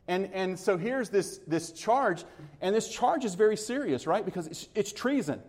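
Male preacher, slightly raised pitch, chatty sermon delivery that acts out the dialogue. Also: animated, moderate pace, a little mellow. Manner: conversational, explaining scripture with everyday comparisons; retells dialogue, acting out the speakers.

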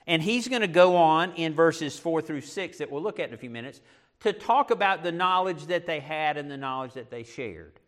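A middle-aged male pastor preaching a sermon, animated, with self-deprecating asides. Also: a little high, moderate pace.

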